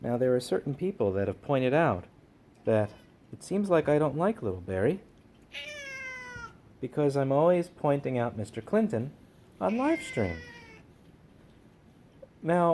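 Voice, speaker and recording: Man, casual vlogger talking to his cats; animated delivery, warm low-bright timbre. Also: a little hiss or hum. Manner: coaxing, sing-song talk to his cats. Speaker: vlogger introducing his pet kitten. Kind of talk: casual vlog chat.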